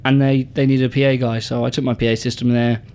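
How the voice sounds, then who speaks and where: A man's voice: medium pitch, flat delivery, a little mellow, smooth. Chatty male podcast host. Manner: chatty, halting with many ums and uhs. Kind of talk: casual radio chat.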